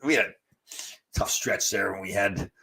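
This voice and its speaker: A man's voice: on the low side, moderate pace, vocal fry, sharp tone, slightly rough. A man in his sixties hosting a casual live stream, reading viewer comments aloud and answering them with rambling stories. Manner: chatty, storytelling, reads out viewer comments. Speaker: host.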